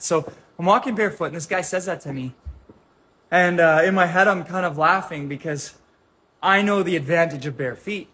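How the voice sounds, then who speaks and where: A man, a holistic health coach, talking casually to a group and telling an animated story, acting out voices and gestures. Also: on the high side, normal speed, slight background noise.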